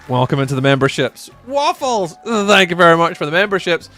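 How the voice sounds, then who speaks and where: A man's voice: moderate pace, sharp tone, a faint crowd. A young Scottish man chatting casually on a live stream, reading and answering viewer messages. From Scotland. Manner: chatty, jumps high when greeting viewers. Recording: faint music behind.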